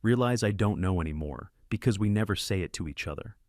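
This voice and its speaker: A man's voice: on the low side, animated, brisk, darkish tone, dry recording, clean studio sound. A man narrating a first-person story in terse, clipped sentence fragments.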